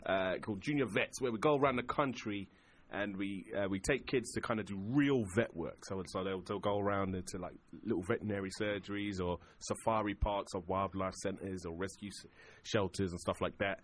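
A man's voice: lowish voice, steady tone, brisk, slight background noise. A man telling a funny story in a casual chat, acting out the voices of the people in it and often breaking into laughter. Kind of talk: casual anecdote.

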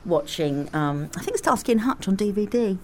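Een Britse vrouw die in een ontspannen gesprek levendig en grappig anekdotes vertelt, vaak lachend en stemmetjes nadoend. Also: female voice, medium pitch, normal speed, slight background noise. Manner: animated, laughs often, acts out voices in her stories. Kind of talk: casual chat, comic storytelling.

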